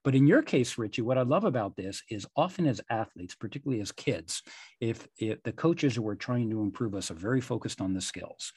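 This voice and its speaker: Husky low-voiced male podcast host. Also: darkish tone, no room sound. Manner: measured, thoughtful, long framing questions. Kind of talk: reflective interview questions.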